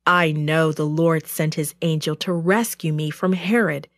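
A woman's voice: deep voice, steady tone, unhurried, no echo, clean studio sound. A woman reading a children's Bible story, voicing a weary grown man who has just been freed from prison. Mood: earnest.

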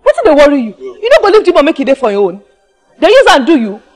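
A woman's voice: high-pitched, wildly swooping pitch, very fast, darkish tone, faint music behind. A woman with a Nigerian Pidgin accent playing a teasing, meddling female house help who scolds sharply and coaxes sweetly. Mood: scolding. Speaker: actress in a Nollywood film.

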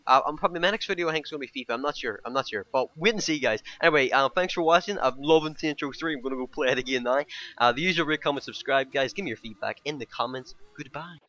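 Fast-talking man rambling to viewers. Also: a little high, bright, forceful tone, no room sound. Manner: rambling, many fillers, keeps addressing viewers as guys. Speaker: gaming YouTuber. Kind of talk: casual game first-impressions vlog. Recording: dull lo-fi dry home mic.

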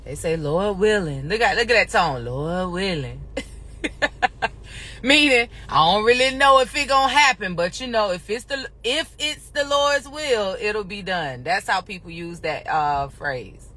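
A woman's voice: mid-range voice, animated, normal speed, sharp tone. A woman talking casually on a phone live stream as a spiritual teacher, chatty and folksy, calling listeners honey and y'all.

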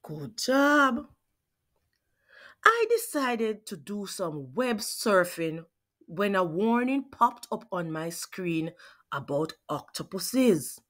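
A woman reads a picture book aloud to children at an unhurried pace. Her voice swings widely in pitch to keep it lively, and she pauses to put questions to her young listeners. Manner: slow, expressive, asks questions of listeners. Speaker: children's read-aloud host.

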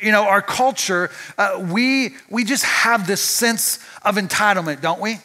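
A man's voice: high voice, bright, forceful tone. A male pastor giving a conversational sermon at church, often asking the audience rhetorical questions.

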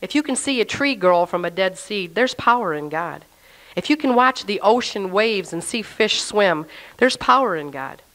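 A woman giving a personal faith testimony in a lively, chatty storytelling way, acting out her own past words. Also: mid-range voice, normal speed.

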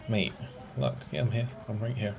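Over music, a fairly low, creaky male voice with fairly even intonation moves at a moderate pace. He's a young man gaming online with friends, chatting casually, joking, swearing and sighing a lot, recorded through a gaming headset with noisy game capture.

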